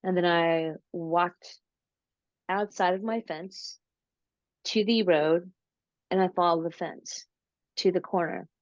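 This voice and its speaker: A woman being interviewed, telling a long story slowly and casually, with many fillers and restarts. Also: fairly low pitch, steady tone, dry recording. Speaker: interview guest, paranormal researcher. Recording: dull lo-fi audio.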